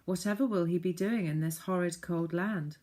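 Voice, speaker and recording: A woman's voice: fairly low pitch, moderate pace, dark tone, close to an everyday voice. A woman voicing an earnest young girl in a storybook reading, plain and earnest.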